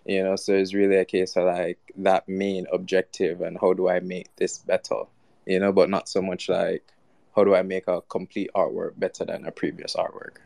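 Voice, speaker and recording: Deep-voiced man, reflective and thoughtful. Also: little pitch movement, moderate pace, gravelly, darkish tone, dry recording. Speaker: artist guest. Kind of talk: casual online group chat.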